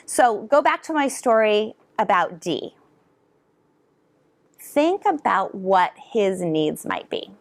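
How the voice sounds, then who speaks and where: A middle-aged woman educator giving a conference talk to parents and teachers, animated and drawing answers from the audience. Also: medium pitch, takes it slowly, gravelly. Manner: animated, asks the audience to respond. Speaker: educator presenter. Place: conference hall.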